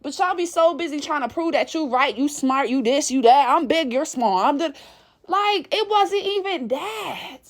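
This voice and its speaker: High-voiced woman ranting bluntly. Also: normal speed. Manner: blunt and profane, animated storytelling. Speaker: vlogger. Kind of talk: casual monologue rant.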